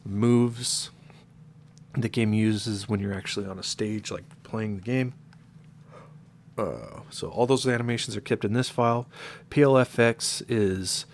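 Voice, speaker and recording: With a stuffed-up, congested nose, a man casually walks viewers through a modding tutorial in a casual screen recording. His voice sits fairly low, and there's slight background noise. He explains loosely, full of fillers and self-corrections.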